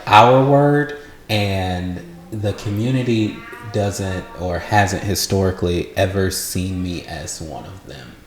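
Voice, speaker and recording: A man who is a podcast guest, joking in a deadpan, provocative way. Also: on the low side, echoey room. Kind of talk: casual chat.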